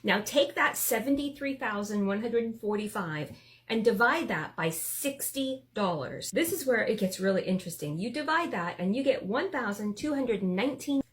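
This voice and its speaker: Chatty woman in her fifties telling a story. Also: fairly high pitch. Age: 50s. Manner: animated, chatty storyteller who acts out quoted voices. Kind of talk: storytelling rant to camera.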